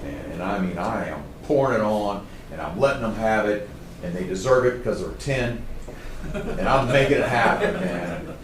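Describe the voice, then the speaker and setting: A middle-aged man telling stories to a live audience as a trainer, in a casual, animated way. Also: lowish voice, a little hiss or hum. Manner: casual, animated storytelling, says "man" often. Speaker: trainer speaking to a group. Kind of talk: storytelling talk to a live audience. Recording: roomy, distant mic.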